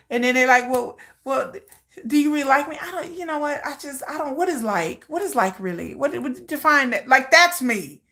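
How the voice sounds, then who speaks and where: A woman hosting a livestream in casual chat, rambling and animated and laughing often. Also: high voice, fairly quick. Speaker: livestream host.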